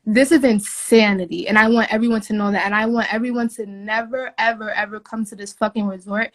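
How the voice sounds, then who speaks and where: A woman's voice: medium pitch, fairly even intonation, a little fast. A young woman, a flight attendant, venting her story in a casual video from a hotel room, indignant and emphatic, swearing often. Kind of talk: casual phone video rant.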